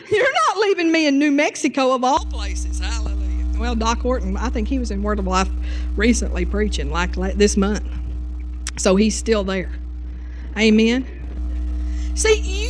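A woman preacher telling stories in a sermon, often asking "Amen?" between rambling asides. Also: a little high. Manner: storytelling, repeating "Amen" and fillers.

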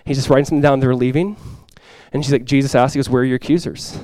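A male pastor preaching a sermon to his congregation, swinging from loud, impassioned lines to quiet, soft ones. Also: medium pitch, fairly even intonation, quick pace, no room sound. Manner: impassioned preaching, swells loud for quoted cries then drops soft. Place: church sanctuary before a congregation.

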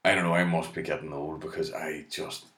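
An Irish man doing stand-up, rambling and swearing freely with a deadpan edge. His voice is very low, and the room gives it a clear echo. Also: a little fast. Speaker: comedian. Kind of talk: stand-up monologue. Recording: echoey room.

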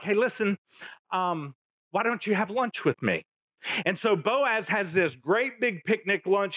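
A man's voice: sits high, bright, forceful tone, dry recording. A male pastor, preaching a sermon and retelling a story with jokey asides. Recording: dull, dry, lo-fi.

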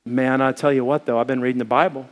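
A man voicing an intense middle-aged male doomsday zealot, urging in a low, conspiratorial tone. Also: level tone, quick pace, close to an everyday voice. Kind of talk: acted quotes in a sermon story.

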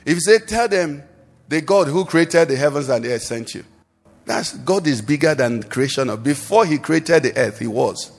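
A man's voice: a little high, expressive, normal speed. A man preaching a sermon as pastor at a church service, asking the congregation questions and leaving them to answer. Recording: long hall reverb.

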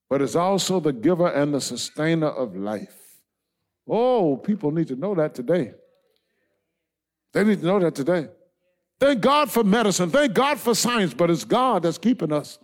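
A man preaching a sermon as pastor, emphatic, swinging from shouted lines to soft asides and dropping in amens. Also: high-pitched, big pitch swings, unhurried. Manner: punctuates with amen and all right.

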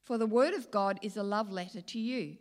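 A woman's voice: medium pitch, a little fast. Earnest woman preaching in a hall. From Australia. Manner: earnest, emphatic, storytelling. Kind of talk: sermon. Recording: long hall reverb.

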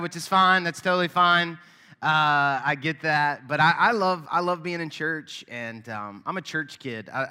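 A man's voice: on the high side, sharp tone, smooth, long reverb tail. A man in his thirties, a pastor giving a casual, joking welcome and announcements to his church. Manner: friendly, joking, chatty with fillers. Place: church sanctuary.

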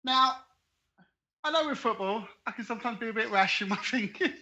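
A man's voice: extremely high pitch, a little fast, pushed and bright. A man co-hosting a casual podcast, talking through his opinions with enthusiasm and reconsidering them as he goes. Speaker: podcast co-host. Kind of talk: casual chat, football opinion. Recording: slightly dull audio.

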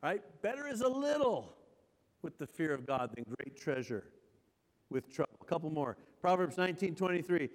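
A man preaching a sermon as pastor. He reads scripture slowly with heavy emphasis, then restates each verse. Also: a little high, sing-song. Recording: long church hall reverb.

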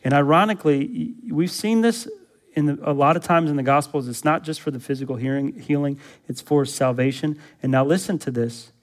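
A pastor preaching a sermon in a church, asking the congregation rhetorical questions and building to loud, urgent exhortation. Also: male voice, fairly high pitch, fairly quick.

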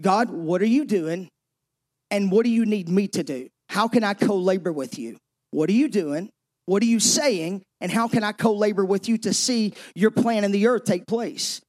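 A man with a strikingly high voice preaches a sermon as pastor. He presses his points with emphasis and sometimes sinks into hushed tones. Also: normal speed.

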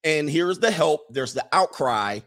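A man's voice: a little high, expressive, a little slow, a bit bright. A man giving casual, chatty commentary over film clips, repeating himself and dropping into character voices. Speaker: video commentator.

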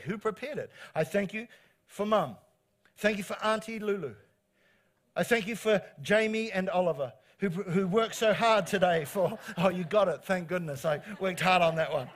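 Encouraging New pastor, somewhat high voice. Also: male voice. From New Zealand. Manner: animated, encouraging, repeats phrases for emphasis. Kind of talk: sermon.

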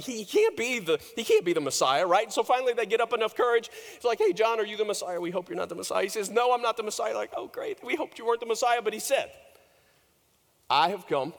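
High-voiced preacher in an echoing hall. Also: male voice, very animated, fairly quick, creaky. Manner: storytelling preacher, rising loud then dropping to hushed low tones. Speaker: pastor. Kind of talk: sermon.

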